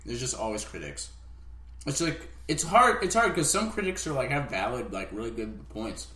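A man co-hosting a podcast in a casual chat, relaxed and hesitant, with many fillers. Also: mid-range voice, normal speed. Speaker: podcast co-host. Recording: echoey room.

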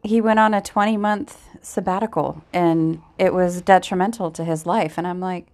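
A woman's voice: lowish voice, fairly even intonation, normal speed, a little mellow. A woman co-hosting a casual podcast chat, talking in loose, trailing sentences with restarts. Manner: chatty, trailing off into hesitant restarts. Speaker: podcast co-host.

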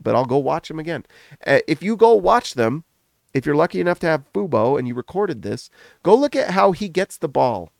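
A middle-aged man talks basketball on his podcast with a gravelly, fry-edged voice. He gushes in quick, animated bursts and sounds a bit foggy from a recent illness. The recording is close and dry, with no room sound. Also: fairly high pitch, no room sound. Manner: animated, gushing, talks in rapid runs. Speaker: podcast host. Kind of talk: casual sports commentary.

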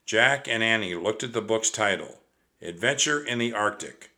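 A man narrating a children's book aloud in a slow, measured, expressive way. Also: fairly low pitch.

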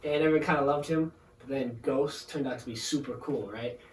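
A young man chatting casually as a podcast co-host, animated and rambling, laughing often. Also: medium pitch, brisk. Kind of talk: casual chat among friends. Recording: echoey room, distant mic, faint noise.

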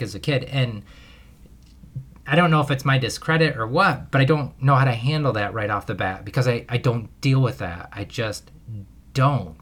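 A man hosting a parenting podcast on his own tells a long story in a loose, rambling monologue, frequently laughing at himself. His mid-range voice is a bit bright, with a little hiss or hum in the background.

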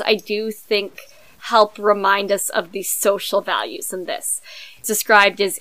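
A woman's voice: mid-range voice, fairly bright tone, no echo, poor audio. A woman co-hosting a podcast, speaking in an articulate, analytical way with a few fillers. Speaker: podcast co-host. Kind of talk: casual discussion.

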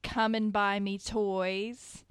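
A woman co-hosting a podcast in casual chat, chatty and quick to laugh. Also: mid-range voice, level tone, clean tone, no echo. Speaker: podcast co-host.

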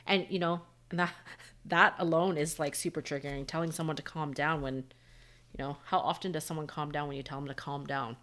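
A woman's voice: low-pitched, steady tone, a little fast, a bit bright. A married woman co-hosting a podcast, chatting openly and personally with lots of "like". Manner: open, personal, chatty with frequent "like". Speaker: podcast co-host. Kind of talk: casual conversation.

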